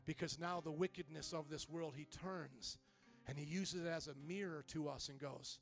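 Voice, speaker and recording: A male pastor preaching a sermon, building from quiet, measured talk to loud, impassioned calls. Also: fairly high pitch, creaky, faint music behind.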